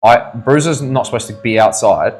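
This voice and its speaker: A man's voice: medium pitch, moderate pace, low-quality recording. Sweary laid-back New Zealand man. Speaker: tattoo artist streaming live. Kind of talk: casual live-stream chat.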